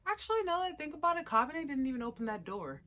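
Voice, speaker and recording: At home in a room full of plushies, a young woman casually reviews an anime episode, slangy and sarcastic with giggly asides. Her high, sharp voice races along with big pitch swings.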